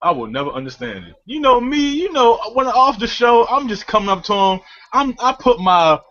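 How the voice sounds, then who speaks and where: This man co-hosts a podcast, delivering a comedic, profanity-filled rant at a moderate pace, punctuated by frequent laughter. His voice is very high. The recording is muffled.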